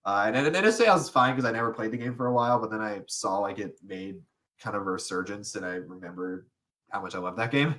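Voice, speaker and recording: A man's voice: lowish voice, quick pace, a bit bright. A young man co-hosting a casual podcast, rambling and restarting, often laughing as he talks. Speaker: podcast co-host. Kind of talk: casual chat.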